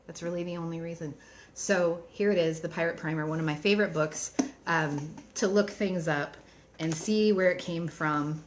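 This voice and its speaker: A woman's voice: on the low side, normal speed, slight background noise. A woman author in a casual live-streamed book chat, chatty and enthusiastic, reading out book titles between frequent ums.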